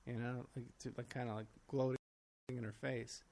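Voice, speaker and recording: A man's voice: medium pitch, flat delivery, moderate pace, vocal fry, a little mellow. A man who is a guest in a casual conversation, agreeing often and laying out details with hesitant fillers.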